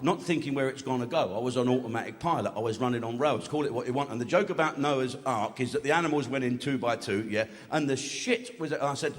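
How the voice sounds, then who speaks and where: A man doing a live stand-up routine, telling crude stories with heavy swearing. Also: mid-range voice. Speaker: stand-up comedian. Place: large theatre stage. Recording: echoey hall with loud audience. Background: live audience laughing.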